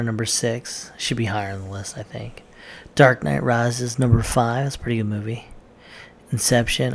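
A man's voice: medium pitch, a little hiss or hum. A man giving blunt, offhand opinions in casual commentary, with plenty of fillers. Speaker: vlogger reacting to movie lists.

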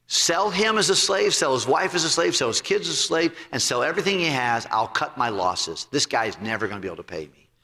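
A preacher doing a stern, hushed old king. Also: medium pitch, big pitch swings, fairly quick. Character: stern wealthy king, older man, commanding. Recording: long hall reverb.

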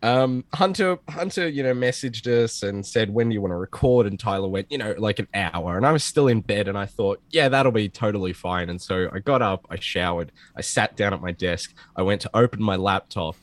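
A man co-hosting a podcast, telling a story in casual chat with lots of swearing and an animated delivery. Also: on the low side, moderate pace, hardly any pauses, no echo. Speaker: podcast co-host. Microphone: home computer setup over a call.

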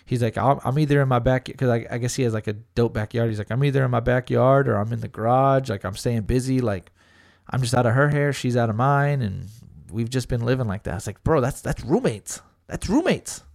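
A middle-aged man talks loosely, spins a story and swears freely. He quotes friends and relatives, with plenty of filler words. His voice sits at a middle pitch and is recorded close and dry, with no room sound. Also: brisk, vocal fry, a little mellow, dry recording. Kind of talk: casual storytelling chat.

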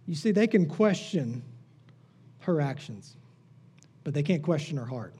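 A man preaching a sermon, full of rhetorical questions, swinging from emphatic peaks down to low, quiet lines. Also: breathy edge. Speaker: pastor.

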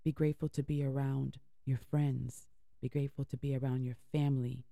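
A woman radio host speaks in an earnest, heartfelt way, repeating lines for emphasis as she encourages her listeners. Her voice has a gravelly edge and a mellow, dark tone. It is recorded close and dry. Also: very deep voice, flat delivery, brisk, dry recording. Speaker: internet radio show host. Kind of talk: inspirational talk between music.

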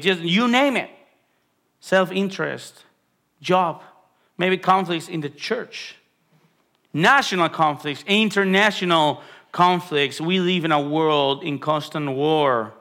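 A male pastor delivering a sermon in an earnest voice that is bright and forward. His pitch sits a little high for a man, and he climbs higher when he presses a point. He repeats phrases for emphasis and often restarts a sentence with an "uh". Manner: frequent restarts and filler "uh".

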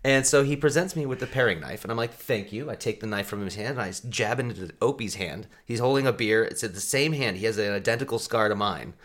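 A man's voice: lowish voice, fast talker, hardly any pauses, fairly bright tone. A man in his thirties, a podcast co-host, telling a story in casual chat and laughing often.

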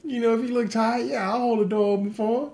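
A man's voice: extremely high pitch, fairly even intonation, quick pace, vocal fry, a little mellow. A man co-hosting a podcast, trading blunt, profane one-liners in casual banter. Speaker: podcast co-host. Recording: roomy echo.

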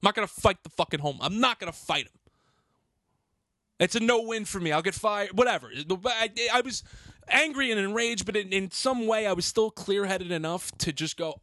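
A man's voice: sits high, moderate pace, bright, forceful tone, no echo, clean studio sound. A man who works as a hotel doorman tells a story on a podcast, agitated and swearing, often restarting his sentences. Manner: profane, heated, agitated retelling with many restarts. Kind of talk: casual storytelling.

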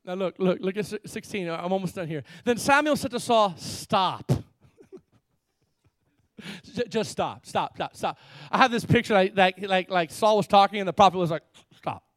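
High-voiced animated male preacher. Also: fast, hardly any pauses, dry recording, studio quality. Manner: animated, repeats words, laughs often, acts out characters. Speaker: pastor. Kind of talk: lively sermon with scripture reading.

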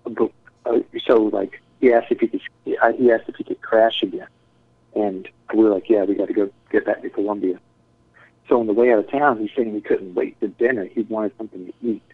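Low-voiced man telling a profane story. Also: fairly even intonation, brisk, no room sound. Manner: profane, rambling, acts out quotes. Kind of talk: casual storytelling. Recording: tinny phone-like dry sound.

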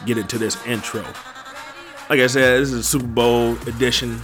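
A man opens his sports podcast in a loose, slangy, pumped-up way. His voice sits at a middle pitch, and faint music plays softly behind him. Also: little pitch movement, fairly quick. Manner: hype, slangy, repeats "man" and "y'all". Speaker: podcast host. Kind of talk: hyped-up solo podcast intro.

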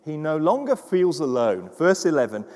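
Pastor preaching in a reverberant church. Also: male voice, a little high, very animated, normal speed. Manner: rises from quiet musing to loud fervent preaching. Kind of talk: sermon.

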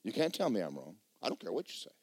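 A male pastor preaching a sermon with animated, folksy, joking storytelling. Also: fairly low pitch, fast, breathy edge, no room sound.

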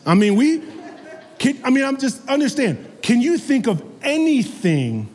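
A man preaching a sermon as pastor, animated and calling out to the congregation for amens. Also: extremely high pitch, moderate pace, long reverb tail. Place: church sanctuary.

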